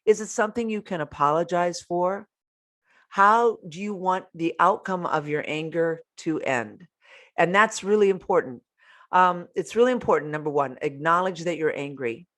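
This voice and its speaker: A woman's voice: deep voice, a bit bright. A woman hosting a self-help podcast who gives blunt, candid advice straight to her listeners and swears freely. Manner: blunt, candid, profane, addresses listeners directly. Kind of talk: motivational self-help talk.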